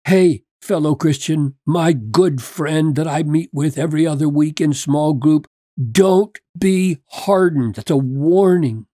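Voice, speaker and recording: Slow, mellow-voiced earnest preacher. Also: mid-range voice, no echo, studio quality. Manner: earnest, emphatic preaching with rhetorical questions; reads scripture aloud and explains it point by point. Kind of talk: sermon.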